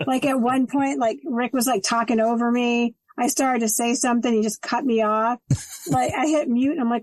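A middle-aged woman who is a guest on a podcast, chatting casually and telling animated stories, acting out quoted dialogue and swearing freely. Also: on the high side, moderate pace, dry recording, rough recording.

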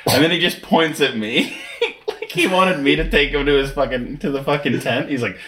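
A man's voice: medium pitch, animated, fairly quick, bright, forceful tone, slight background noise. Young man, podcast co-host, casual storytelling, lots of swearing, laughs as he talks.

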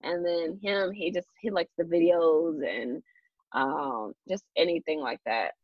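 A woman's voice: fairly low pitch, measured pace, husky, no room sound. A young woman hosting a casual podcast chat, rambling with lots of fillers and restarts. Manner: rambling, many fillers and restarts, laughs often. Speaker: podcast host. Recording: dull lo-fi sound.

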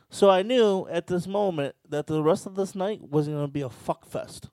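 A man's voice: sits high, moderate pace, hardly any pauses, no echo. A man casually telling a wild, crude story on a podcast, swearing freely. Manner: crude, profane, animated storyteller.

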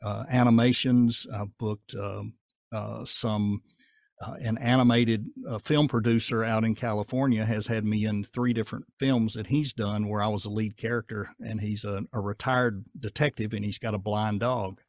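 A man with a Southern accent, talking casually in an interview in a folksy, down-to-earth way with a gruff edge. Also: fairly low pitch, fairly even intonation, moderate pace, a little mellow, no room sound, clean studio sound. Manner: folksy, down-to-earth, rambling with fillers. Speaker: voice actor guest.

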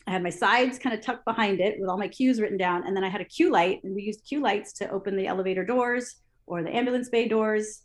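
A woman recounting television production stories in an interview, lively, acting out her own past thoughts aloud with many fillers and restarts. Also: medium pitch, fast talker. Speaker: interview guest, TV assistant director. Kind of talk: storytelling in an interview.

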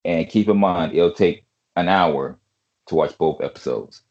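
A man's voice: deep voice, unhurried, a little mellow, lo-fi sound. A man hosting a podcast in casual chat, rambling with lots of fillers and restarts over an online call. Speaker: podcast host.

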